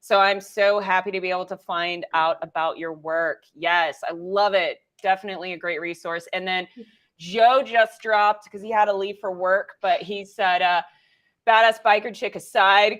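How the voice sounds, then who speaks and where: An American woman hosts a live-stream interview in a chatty, enthusiastic way, full of "like". Her voice sits somewhat low for a woman. She talks over a video call. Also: normal speed, fairly bright tone. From United States. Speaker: host.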